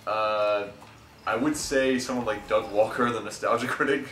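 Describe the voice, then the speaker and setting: A man's voice: fairly low pitch, steady tone, a bit bright. A young man with an American accent, joking and rambling through casual gaming chat as host. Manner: joking, rambling, quick laughs. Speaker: let's play host. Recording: roomy distant mic with noise.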